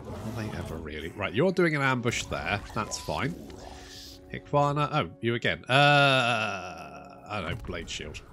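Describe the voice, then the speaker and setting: A man's voice: lowish voice, very animated, takes it slowly, pushed and bright, soft background music. A man giving casual, rambling let's-play commentary over a strategy game, swearing freely and poking fun at himself. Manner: rambling, sweary, self-mocking. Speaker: gaming YouTuber.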